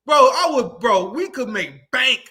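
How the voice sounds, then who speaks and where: A man's voice: very high voice, sing-song, unhurried, pushed and bright. A man co-hosting a political livestream, talking sarcastically and laughing often. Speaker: co-host.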